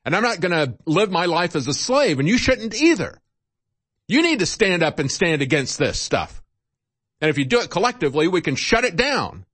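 A man's voice: high voice, sing-song, moderate pace, a bit bright, slightly rough, no room sound. Indignant older man ranting on air. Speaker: talk show host. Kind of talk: political talk monologue.

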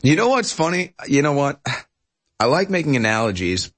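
A man hosting political commentary, talking in an animated, mocking way. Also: a little high, moderate pace, over a noisy crowd. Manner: mocking, puts on sneering voices. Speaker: host.

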